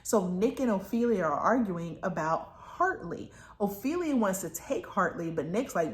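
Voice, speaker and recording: A woman's voice: mid-range voice, lively intonation, normal speed, hardly any pauses. A woman talking casually about a book she is reading, rambling with lots of asides and fillers. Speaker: book reviewer. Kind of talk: casual book review chat. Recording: roomy echo.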